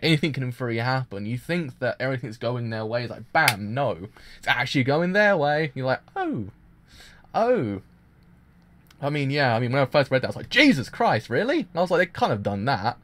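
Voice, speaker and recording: A man streaming a live anime reaction, gushing and excitable, with many restarts and fillers. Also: mid-range voice, fast talker. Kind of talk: casual live reaction commentary.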